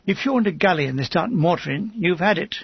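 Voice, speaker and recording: A man voicing a weary older army gunner who gives slow, matter-of-fact directions. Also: high-pitched, animated, vocal fry, breathy edge, dry recording, highs cut off, heavily acted.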